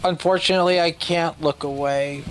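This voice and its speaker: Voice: mid-range voice, fairly even intonation, moderate pace, soft background music. Flustered, rambling stream guest. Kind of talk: casual let's-play chat.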